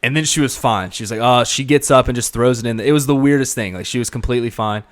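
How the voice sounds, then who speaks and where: A man's voice: medium pitch, quick pace. Young man telling a rowdy party story. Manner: animated, swearing, laughs through the story. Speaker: podcast co-host. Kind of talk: casual storytelling chat.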